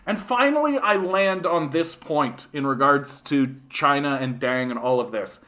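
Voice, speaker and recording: A man's voice: on the high side, expressive, measured pace, pushed and bright. A man with a Canadian accent hosting a casual livestream, rambling and swearing, and often tagging his sentences with "right?". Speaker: livestream host.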